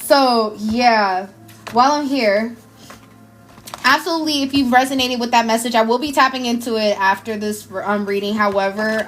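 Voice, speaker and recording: A woman, giving an emotional, effusive live tarot reading in casual slang. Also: on the high side. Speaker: tarot reader. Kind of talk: live spiritual card reading.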